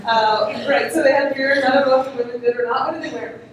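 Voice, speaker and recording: A woman's voice: high-pitched, steady tone, fast talker, highs cut off, a crowd in the background. A woman presenter telling a story to a live audience, chatty and laughing often, asking the room questions. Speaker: conference presenter. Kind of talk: interactive storytelling talk to an audience. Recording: echoey room, distant mic, noisy.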